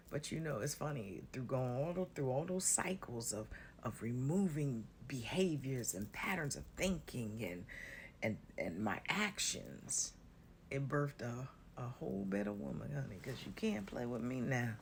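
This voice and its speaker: A woman's voice: deep voice, big pitch swings, moderate pace, creaky, a little hiss or hum. A woman giving a casual spiritual talk to her viewers, blunt and sassy, swearing freely and calling listeners honey and baby. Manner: drawls terms like honey and baby. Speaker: spiritual content creator.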